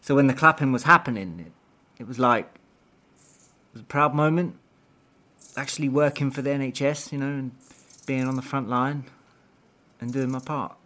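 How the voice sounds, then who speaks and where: A man's voice: mid-range voice, normal speed, pauses often, pushed and bright. A man who works as a mortuary technician, giving earnest, reflective documentary interview testimony. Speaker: anatomical pathology technician.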